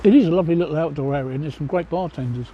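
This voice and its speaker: A man's voice: a little high, very fast, dark tone, dull audio, slight background noise. A Cockney man from East London livestreaming from an outdoor pub table, chatting bluntly with viewers and swearing freely. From East London, England. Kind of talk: casual livestream chat answering viewers. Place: outdoor pub seating by a street.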